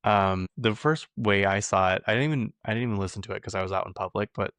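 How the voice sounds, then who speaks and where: Chatty low-voiced man dishing gossip. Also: fast, hardly any pauses, fairly bright tone, no room sound. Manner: chatty, rambling, heavy use of "like". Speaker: podcast host. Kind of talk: casual pop-culture gossip chat.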